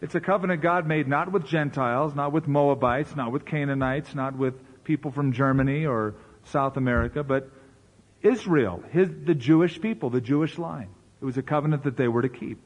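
A man's voice: mid-range voice, normal speed, lo-fi sound. A man preaching a sermon as pastor, talking in a conversational way with rhetorical questions and asides.

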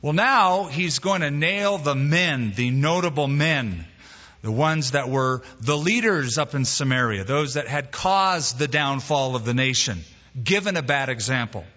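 A pastor preaching an expository sermon, telling a joke story with emphatic, acted quotes. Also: male voice, medium pitch, unhurried, bright, forceful tone. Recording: dull reverberant hall recording.

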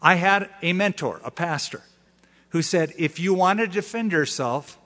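A male pastor delivers a sermon in a voice pitched somewhat high, keeping it animated and joking as he acts out the people he quotes. His words ring out with the long reverb of a large hall. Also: normal speed.

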